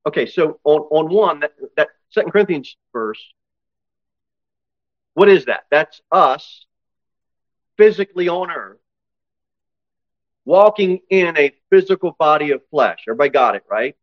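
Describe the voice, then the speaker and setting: A man's voice: lively intonation, dry recording. Fiery preacher man, dull dry recording. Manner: swings from loud exhortation to low, intense asides; reads scripture aloud, slowing for emphasis. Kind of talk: sermon.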